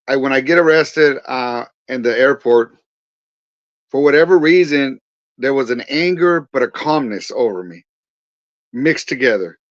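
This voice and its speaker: A man's voice: medium pitch, animated, measured pace, dry recording. A man in his forties from California's Central Valley, a pastor and veteran, earnestly retelling his testimony as a guest with quoted dialogue. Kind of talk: storytelling testimony. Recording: slightly dull dry recording.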